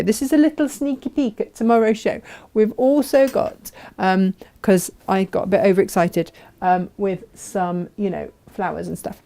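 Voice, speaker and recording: A middle-aged woman hosting a live craft show, chatting brightly and reading out viewers' greetings. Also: mid-range voice. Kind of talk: casual live-stream chat.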